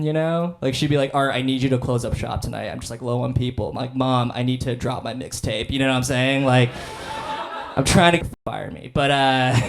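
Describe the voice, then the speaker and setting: A man's voice: mid-range voice, gravelly. A young man performing a stand-up comedy set on stage, with a laid-back, self-deprecating delivery full of fillers. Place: comedy stage before a live audience.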